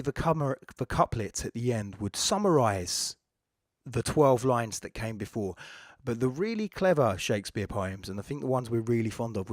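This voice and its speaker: A man's voice: medium pitch, no echo, studio quality. A man hosting a podcast, talking through poetry in a casual, digressive way, with fillers and self-corrections. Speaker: podcast host. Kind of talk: casual spoken lecture on poetry.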